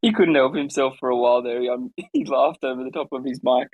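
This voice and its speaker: A man in a casual group chat who chips in quick asides, laughing and swearing. His voice sits at an ordinary middle pitch. He talks fast when he jumps in. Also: no room sound.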